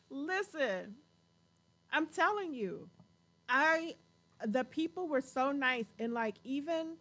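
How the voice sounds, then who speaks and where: Woman host, casual chat, slightly higher pitch, lively and giggly. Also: slow, pauses often. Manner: chatty, animated, laughs often. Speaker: show host.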